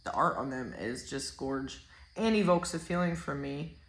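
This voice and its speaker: Brief: woman, lowish voice, rambling card reader who gets excited and curses casually, echoey room. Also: normal speed, a little hiss or hum. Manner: chatty, rambling, excitable, swears freely. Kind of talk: casual oracle card reading.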